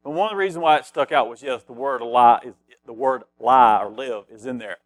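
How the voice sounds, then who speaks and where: A man's voice: mid-range voice, a little fast, no room sound, soft background music. A middle-aged man preaching a conversational sermon as pastor, reading scripture aloud and repeating phrases for emphasis.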